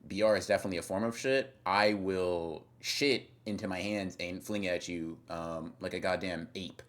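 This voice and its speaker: A young man with a very low voice chats loosely with his stream audience. He rambles, teases viewers and keeps restarting his sentences with fillers. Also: moderate pace. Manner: rambling, teasing, trails off with fillers and repeats. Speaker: streamer reading chat. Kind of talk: casual live-stream chat.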